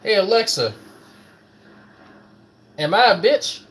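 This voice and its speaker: A man rants in a casual, profane, mocking way. His pitch swings widely as he talks. Faint night insects and ambience sit behind him at home. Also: big pitch swings, takes it slowly, noisy background. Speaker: commentary host. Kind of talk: casual ranting commentary.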